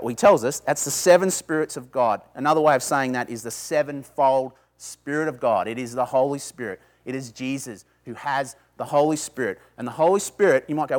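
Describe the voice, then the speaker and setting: A man preaching a sermon to a small group, talking conversationally, asking his listeners questions and building to emphatic bursts. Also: medium pitch. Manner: asks the audience questions. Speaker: pastor.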